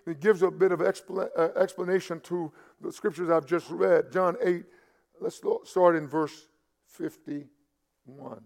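High, gravelly-voiced man preaching. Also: steady tone, a little slow. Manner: repeats and restarts words, rises to loud emphatic peaks. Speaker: pastor. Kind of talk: sermon.

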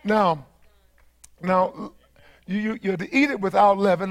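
High-pitched texan preacher guy, fervent, repeats himself, builds up to shouting. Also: measured pace. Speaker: pastor. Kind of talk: sermon.

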